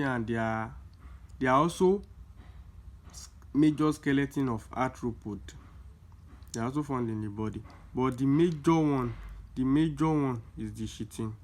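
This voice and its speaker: A young man, tutoring students through exam questions in a casual lesson, repeating key points with emphasis. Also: mid-range voice. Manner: explains slowly with many repeats, emphatic.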